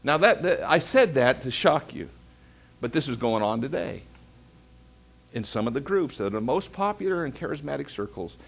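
A man's voice: medium pitch, big pitch swings, normal speed, gravelly, slightly rough. A man, preaching a sermon as pastor, telling stories and calling the congregation to say amen. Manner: storytelling preacher calling for amens.

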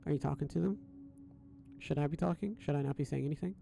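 A young male gaming streamer casually comments on a game, rambling and thinking aloud with plenty of fillers and restarts while fretting about his audio settings. His voice is fairly high, fast, gravelly and mellow, with soft music in the background.

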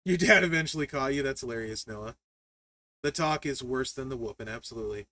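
A man hosting a live stream, telling family stories in a casual, animated way, laughing often and reading chat aloud. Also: medium pitch, brisk. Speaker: livestream host.

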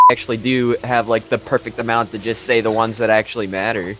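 A man's voice: medium pitch, little pitch movement, fast, hardly any pauses. A young man co-hosting a casual video game playthrough, joking, laughing often and coughing now and then. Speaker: co-host playing a video game. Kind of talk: casual gaming chat.

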